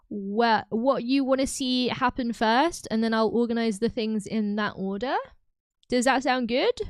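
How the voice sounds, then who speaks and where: A woman's voice: mid-range voice, dry recording. A young woman streaming live, chatting casually with her viewers, giggling often and filling her talk with "like" and "um". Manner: chatty, giggly, lots of fillers.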